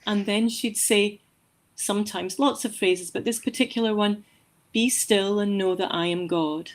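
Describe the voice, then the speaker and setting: Heartfelt halting woman from Scotland. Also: medium pitch, steady tone. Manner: heartfelt, halting, repeats words. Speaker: course graduate, guest. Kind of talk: emotional interview.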